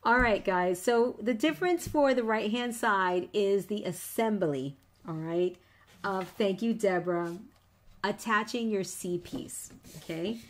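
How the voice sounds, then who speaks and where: A woman's voice: mid-range voice, a little slow. A woman teaching a live online scrapbooking class in a chatty, encouraging way, teasing her viewers as she walks through each step. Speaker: scrapbooking instructor.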